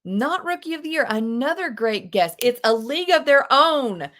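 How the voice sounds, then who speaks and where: A woman teaching a live online English class, animated and chatty, with gasps and quick asides to her students. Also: sits high. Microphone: video call.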